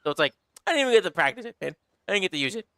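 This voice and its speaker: Bright, crisp American man streaming. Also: high voice, rapid-fire, dry recording. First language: English. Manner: rambling and animated, with many fillers and restarts. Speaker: game streamer. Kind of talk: casual live-stream chat.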